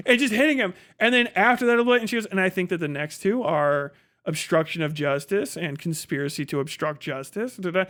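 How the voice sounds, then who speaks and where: A male streamer talks through a debate in a loose, casual livestream style. His voice sits fairly high for a man, and he swears freely. He acts out the people he quotes in quick bursts. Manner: profane, animated retelling with quoted voices.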